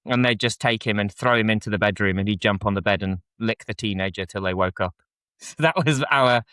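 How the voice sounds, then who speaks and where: A man, co-hosting a podcast and telling a funny anecdote in a relaxed, casual way. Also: on the low side, a little fast, smooth, no room sound. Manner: anecdotal, laughs while telling. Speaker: podcast co-host. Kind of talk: casual chat.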